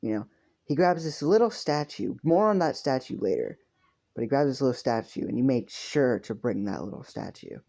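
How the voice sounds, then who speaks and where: A man's voice: mid-range voice, sing-song, moderate pace, vocal fry, a little mellow. Rambling young man telling a crude story. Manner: rambling, crude, self-correcting, with frequent fillers. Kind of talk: casual improvised story narration. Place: home room with a pet cat. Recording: dull lo-fi home mic with faint hiss.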